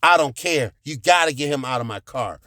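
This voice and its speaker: A man's voice: mid-range voice, lively intonation, brisk, bright, forceful tone, no room sound, studio quality, voice pushed down. A man voicing a scared teenage girl. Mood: panicked. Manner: urgent, insistent.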